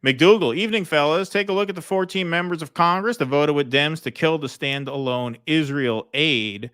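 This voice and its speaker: Bright-voiced man hosting a livestream. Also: fairly high pitch, moderate pace, smooth, no echo, clean studio sound. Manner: chatty, thanks donors, many ums and restarts. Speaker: host reading viewer super chats. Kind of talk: casual political livestream chat.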